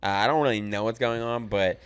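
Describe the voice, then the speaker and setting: A man's voice: fairly low pitch, a little fast, smooth. A man hosting a casual podcast, telling laid-back, profane anecdotes and laughing at them. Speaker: podcast host. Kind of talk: casual chat.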